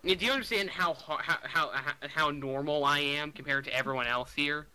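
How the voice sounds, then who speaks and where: A young man from the Boston area, rambling and excitable as he co-hosts a podcast chat. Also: on the high side, noisy background. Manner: rambling, excitable, quick to laugh. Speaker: podcast host. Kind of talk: casual chat.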